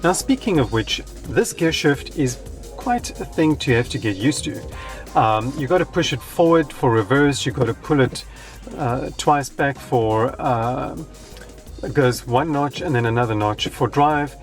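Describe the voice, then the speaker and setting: A man talks casually and frankly from inside a parked car, speaking straight to his viewers. His voice sits at an ordinary mid pitch. Soft music plays quietly underneath him. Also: animated, a little slow. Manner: frank, conversational, addresses viewers directly. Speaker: car reviewer. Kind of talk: casual walkaround review.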